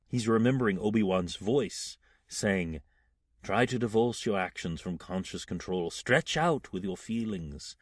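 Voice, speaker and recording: Male podcast host who retells stories, husky, with a voice that swings widely. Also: fairly low pitch, no room sound, clean studio sound. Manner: animated storyteller, acts out quotes. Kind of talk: comic book retelling.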